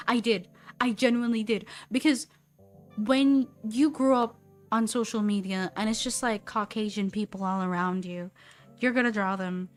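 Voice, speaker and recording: A young woman in her twenties chatting casually on a live stream while she draws, rambling and animated with lots of "like". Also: on the high side, moderate pace, soft background music. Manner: rambling and animated, heavy use of "like". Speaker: streamer and artist.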